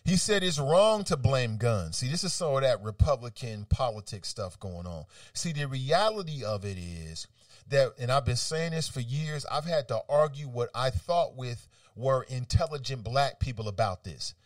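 A man hosting an opinionated talk radio segment, reading out quotes and rebutting them with animated, argumentative commentary. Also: mid-range voice, normal speed, no echo, studio quality, distant mic.

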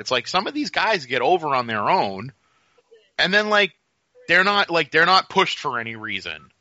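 A man co-hosting a casual wrestling chat, talking animatedly and slipping into quick impressions. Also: medium pitch, pushed and bright, no echo. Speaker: podcast co-host. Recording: dull lo-fi sound.

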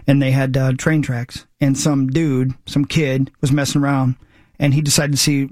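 A man's voice: a little high, flat delivery, normal speed, darkish tone, dry recording, clean studio sound. A man in his forties, a morning radio host, telling a rambling, emphatic story with self-mocking asides. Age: 40s. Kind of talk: casual morning radio chat.

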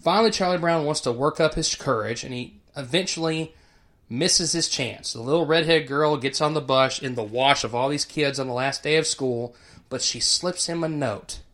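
A man's voice: on the high side, moderate pace, a bit bright. Man talking like a teacher. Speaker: educator. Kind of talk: casual commentary.

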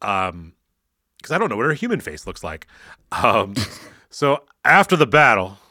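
Podcast co-host, man, animated recap, bright lively voice, dry close mic. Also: medium pitch, a little slow, no room sound. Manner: animated, acts out quotes in mock voices. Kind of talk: casual episode recap chat.

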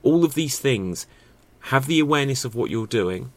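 A man's voice: medium pitch, animated, moderate pace, dry recording. A man giving a casual spoken lesson on acting and stagecraft, thinking aloud with many rhetorical questions and fillers. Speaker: acting and improv teacher.

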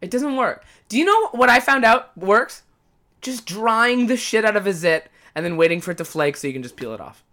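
Podcast guy ranting solo, swears a lot, bright sharp voice, jumps all over in pitch. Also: very animated, fairly quick. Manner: profane, exasperated comic ranting. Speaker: podcast host. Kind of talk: casual podcast monologue.

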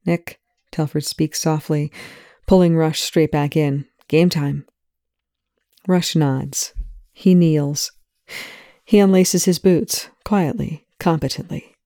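An audiobook narrator quietly reading fan fiction in an even tone. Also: mid-range voice, takes it slowly, no room sound, clean studio sound.

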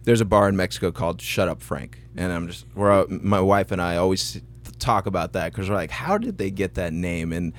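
A man's voice: deep voice, lively intonation, brisk. A man hosting a podcast interview, joking and rambling in a self-deprecating, casual way. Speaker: podcast host.

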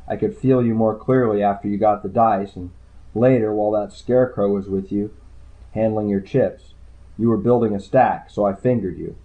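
A man voicing a gruff, older male casino dice watcher. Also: on the low side, steady tone, normal speed, narrow, tinny audio, natural voice.

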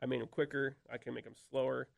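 A man talks fast and folksy as an expert guest, his voice gravelly and his words tumbling out. The recording is close and dry. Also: medium pitch, fairly even intonation, no room sound. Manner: quick, folksy explainer who demonstrates calls aloud. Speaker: duck-call expert guest. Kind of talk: casual podcast conversation.

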